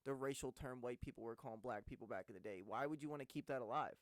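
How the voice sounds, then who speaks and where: A young man in his twenties co-hosting a casual podcast chat, animated and quick to laugh and cut in. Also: mid-range voice, no room sound. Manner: animated, laughs often, jumps in. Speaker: podcast co-host.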